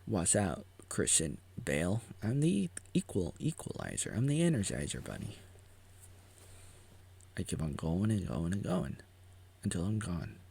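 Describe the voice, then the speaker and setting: Gravelly goofy man rambling. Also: low voice, big pitch swings, measured pace, warm tone. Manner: goofy, rambling, swings into silly voices and whispers. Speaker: vlogger reacting to his own documentary. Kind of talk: casual live reaction commentary.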